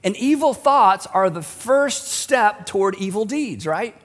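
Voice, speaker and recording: A man's voice: sits high, lively intonation, measured pace, long reverb tail. A middle-aged male pastor preaching a sermon in a conversational, humorous way, acting out the voices he quotes.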